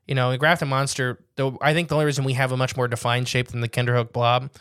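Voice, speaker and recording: A man chatting casually as a podcast co-host. He rambles with a joking edge and drags out the key words. The sound is dry and close, with a middling pitch. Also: little pitch movement, a bit bright, clear, resonant tone, no room sound. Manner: rambling, jokey, slows to stress details.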